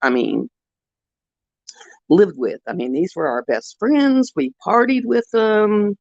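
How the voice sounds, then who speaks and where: A woman's voice: medium pitch, big pitch swings, unhurried, gravelly, a little mellow, no room sound. A woman hosting a livestream, chatting casually with her viewers in a rambling, heartfelt storytelling way. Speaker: livestream host. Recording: dull, dry lo-fi sound.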